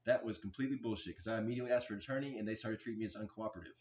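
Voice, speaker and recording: A man in his forties giving a rambling, aggrieved personal account, halting often with restarts and fillers. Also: lowish voice, darkish tone. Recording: dull lo-fi recording.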